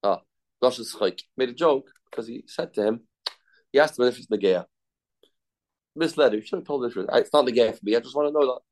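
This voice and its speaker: A man's voice: mid-range voice, fairly quick, pauses often, a little mellow. A man giving a Talmud class. He reads each passage aloud, then explains it in a conversational way. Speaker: Talmud teacher.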